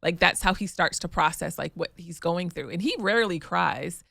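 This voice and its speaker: A woman in her thirties co-hosting a casual podcast, telling a family story in a lively way and acting out the scenes. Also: fairly low pitch, normal speed, vocal fry, dry recording, clean studio sound. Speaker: podcast co-host. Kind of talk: casual chat.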